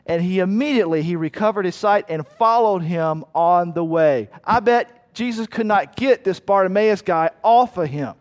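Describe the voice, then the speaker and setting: A man preaching a sermon as pastor, animated, acting out voices and cries and repeating lines for effect. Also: high-pitched, moderate pace, few pauses. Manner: animated, acts out voices and cries, rhetorical repetition.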